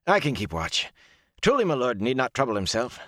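A man voicing a stiffly formal, deferential young male servant in an audiobook, pitched higher than his own voice. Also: wildly swooping pitch, fairly quick, sharp tone, no echo, clean studio sound.

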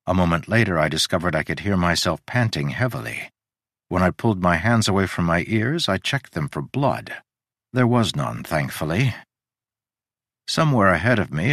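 Male story narrator, low and lively, measured, dry close mic. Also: no echo. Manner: measured and descriptive.

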